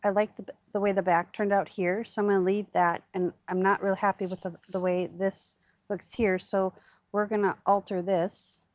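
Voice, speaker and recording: A woman's voice: mid-range voice, little pitch movement, moderate pace, no room sound. A woman hosting a crafting livestream, chatting casually and thinking aloud with fillers as she works.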